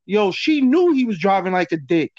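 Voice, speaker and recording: A slightly high-pitched man tells stories in casual chat, animated and slangy, full of fillers and asides. His voice sounds dry and a bit dull. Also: normal speed, no echo.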